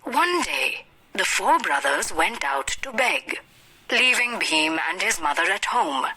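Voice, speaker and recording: Slow, expressive woman reading a story. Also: mid-range voice, low-quality recording. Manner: expressive, slow read-aloud. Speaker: English teacher.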